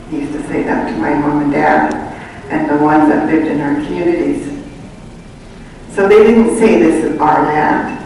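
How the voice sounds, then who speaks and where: Woman from a Canadian First Nation, unhurried storytelling, recorded from a distance, long hall reverb. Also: low-pitched, fairly even intonation, darkish tone, slight background noise. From Tsawout First Nation, Canada. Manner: unhurried storyteller, often repeating words and phrases. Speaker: community speaker. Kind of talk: personal storytelling testimony. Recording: echoey hall, voice from far off.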